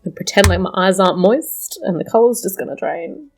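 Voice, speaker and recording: A young adult woman hosting a casual reaction commentary, animated and emotional, swearing and laughing while doing her makeup. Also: mid-range voice, a little fast, over music. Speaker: host.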